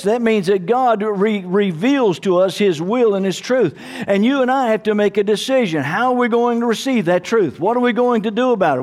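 A pastor with a high-sitting, darkish voice preaches emphatically to his congregation. He calls out hallelujah and amen and prompts the crowd to respond.

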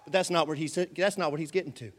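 A man preaching a sermon as pastor, telling the story with animated energy and bursts of shouting. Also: on the high side, racing, noisy background.

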